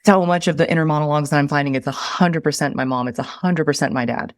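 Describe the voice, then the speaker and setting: A woman's voice: low voice, quick pace, dry recording, studio quality. A woman hosting a podcast, talking in an emphatic, impassioned way and swearing freely. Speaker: podcast host. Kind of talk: casual podcast conversation.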